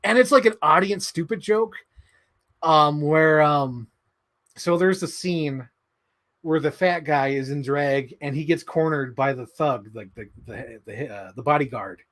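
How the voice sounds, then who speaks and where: A young man hosting a casual livestream, excitable and quick to laugh, swearing as he talks about movies. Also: fairly high pitch. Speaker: livestream host.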